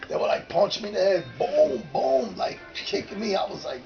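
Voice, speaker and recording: A man in his fifties with a gravelly, fry-heavy voice that sits a little high. He tells a rough street tale in profane, animated casual talk. The audio is dull and lo-fi, with faint music behind him. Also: normal speed. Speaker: former graffiti writer. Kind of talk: casual storytelling.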